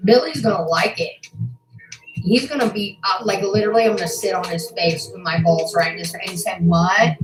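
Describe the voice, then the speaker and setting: A woman on a livestream, furious and profane, who swings between shouting and a low, seething voice. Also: fairly quick, roomy sound, noisy background. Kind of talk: angry livestream rant.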